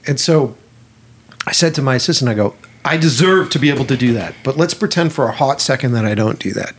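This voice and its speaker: A man's voice: medium pitch, fast, a little hiss or hum. A man, a film director, telling stories in a casual conversation, swearing often and acting out what people said. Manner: animated, profane, acts out dialogue.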